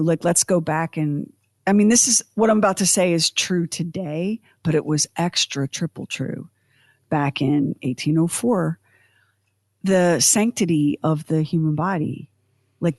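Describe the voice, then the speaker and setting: Gravelly woman cohosting a podcast, chatty and animated, dry close sound. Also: deep voice, no room sound. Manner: chatty, animated, many fillers and asides. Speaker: podcast co-host. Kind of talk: casual chat.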